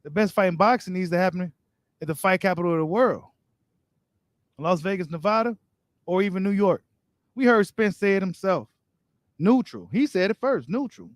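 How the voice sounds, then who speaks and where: A man's voice: sits high, animated, normal speed, pauses often, dry recording, clean studio sound. A man hosting a boxing live stream, reading viewer comments and giving his take in casual, slangy talk straight to his viewers. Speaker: boxing channel host.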